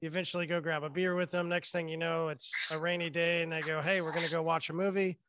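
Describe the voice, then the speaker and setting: A man's voice: a little high, level tone, fast talker, pushed and bright, a little hiss or hum. A man hosting a casual chat, telling stories in a loose, profane way. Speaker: host.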